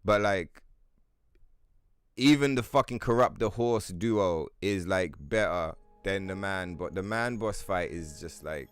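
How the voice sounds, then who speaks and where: A man's voice: deep voice, a little slow, clear, resonant tone. A man streaming a video game, commenting casually and swearing constantly.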